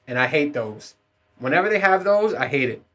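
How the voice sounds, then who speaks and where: An adult dad hosts his own podcast, ranting casually with lots of swearing, rambling asides and frequent laughs. His voice is fairly high and fairly bright, with lively intonation and a fairly quick pace.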